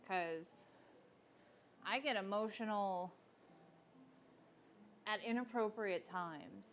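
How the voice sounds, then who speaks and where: A woman's voice: mid-range voice, slow pace, fairly bright tone, a little hiss or hum. A young adult woman hosting a casual livestream, chatting with viewers and reading their comments aloud. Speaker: livestream host.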